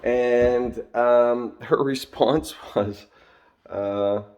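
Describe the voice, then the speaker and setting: A middle-aged man telling a story and reflecting on it in a casual monologue, with lots of fillers and throat-clearing. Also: mid-range voice, fairly even intonation, very slow, a little mellow, highs cut off. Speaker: vlogger and job-site supervisor.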